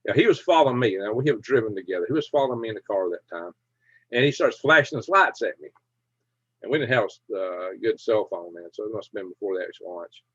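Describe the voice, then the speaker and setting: A man's voice: on the low side, lively intonation, fast, a bit bright, breathy edge, no echo, lo-fi sound. Folksy man telling stories. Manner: folksy, chuckling, rambling anecdotes. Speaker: live stream host. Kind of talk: casual storytelling and reading chat.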